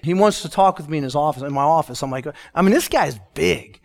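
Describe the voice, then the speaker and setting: Pastor, Midwestern man, high-pitched, emotional sermon delivery with sudden hushed moments. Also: lively intonation, fast, gravelly. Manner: emotional, swings from loud emphatic lines to hushed soft ones. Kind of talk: sermon with a personal testimony.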